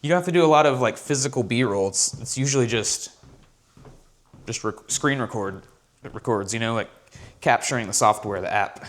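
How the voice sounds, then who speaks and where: Man, casual vlog chat, rambling storyteller, mid-pitched, at home. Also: moderate pace. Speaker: vlogger and content creator.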